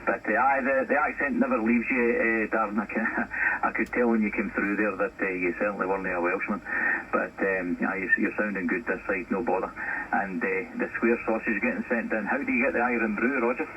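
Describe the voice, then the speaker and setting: A relaxed Scottish man telling stories over a shortwave link, his voice sitting low. The sound is muffled radio reception with faint noise underneath. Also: fairly quick. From Scotland. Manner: relaxed, storytelling, uses 'wee' and 'aye'. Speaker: ham radio operator. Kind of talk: casual radio contact chat. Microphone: heard over a shortwave radio.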